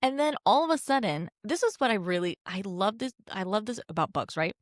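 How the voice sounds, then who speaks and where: A woman co-hosting a podcast, chatting casually about a book and acting out scenes with lively quoted lines. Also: medium pitch, a little fast, no room sound, clean studio sound. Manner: animated, acts out scenes in quoted voices. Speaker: podcast co-host.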